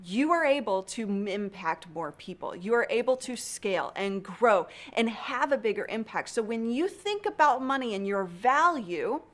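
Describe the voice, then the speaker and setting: A woman's voice: a little high, expressive, moderate pace, few pauses, fairly bright tone. A woman hosting a live stream in a casual chat, earnest and encouraging, laughing often.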